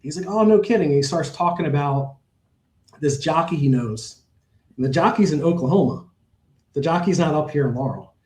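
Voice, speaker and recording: A man's voice: a little high, normal speed, pauses often, darkish tone, echoey room, low-quality recording. A middle-aged man, a horse owner, telling stories in a casual interview, rambling with many fillers and restarts.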